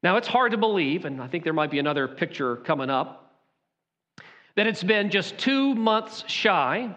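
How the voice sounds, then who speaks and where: A man preaching a sermon to his congregation with a Southern accent, emphatic and full of dramatic pauses. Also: sits high, fairly bright tone, dull audio. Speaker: pastor. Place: church sanctuary.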